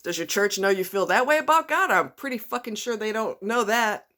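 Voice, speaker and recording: Woman, vlog rant, cursing, blunt, repetitive, medium pitch. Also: animated, fairly quick, sharp tone. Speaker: vlogger. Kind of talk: profane angry rant.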